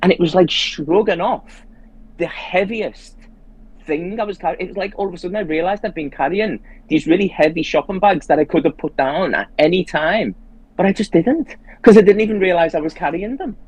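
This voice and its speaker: A man's voice: high-pitched, brisk, a little mellow, slightly rough, poor audio. A man as a guest in a casual conversation, telling a personal story earnestly and quoting his own inner thoughts aloud.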